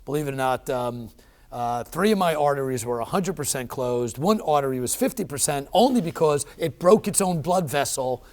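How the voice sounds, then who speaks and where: In a mid-range voice at a moderate pace, this middle-aged man relates a personal experience as an interview guest. He talks with animation and emphasis, and his speech is dotted with fillers and restarts.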